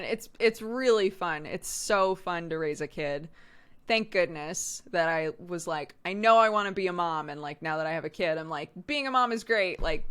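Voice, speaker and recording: Chatty woman streamer, low-pitched. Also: a bit bright, clear, resonant tone. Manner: chatty, frank, laughs often, swears casually. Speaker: streamer and host. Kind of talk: casual chat.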